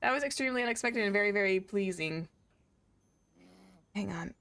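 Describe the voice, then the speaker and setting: A woman's voice: mid-range voice, animated, brisk, a bit bright, clear, resonant tone. Chatty young woman streamer. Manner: rambling, chatty, lots of "like". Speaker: VTuber streamer. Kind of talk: casual gaming stream chat. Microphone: desk streaming mic.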